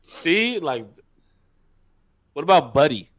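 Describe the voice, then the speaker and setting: A man co-hosting a podcast, chatting casually with a lively voice that swings up and down. He tells his stories emphatically and swears freely. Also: a little high, takes it slowly. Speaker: podcast co-host. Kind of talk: casual chat.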